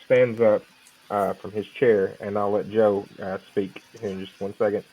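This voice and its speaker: A man describes his character's actions in a tabletop game, deliberate and a little hesitant. His voice sits fairly low, and the audio sounds dull and lo-fi. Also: little pitch movement. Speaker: player.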